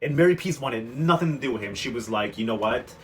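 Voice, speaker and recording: A man's voice: medium pitch, lively intonation, fast, slight background noise. A young man giving a chatty, sassy, slang-filled recap of soap episodes. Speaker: recap vlogger.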